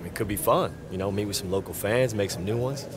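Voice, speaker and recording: An actor playing a laid-back young male pro basketball player with a dry, low-key way of talking. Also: fast talker, a crowd in the background, natural voice. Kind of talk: video game voice acting.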